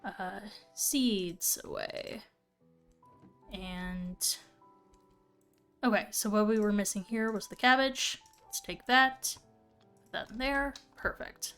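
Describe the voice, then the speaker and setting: A woman's voice: medium pitch, slow, long pauses, fairly bright tone, soft background music. Chatty young woman streaming a game. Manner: chatty, thinking aloud with fillers. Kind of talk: casual gameplay commentary.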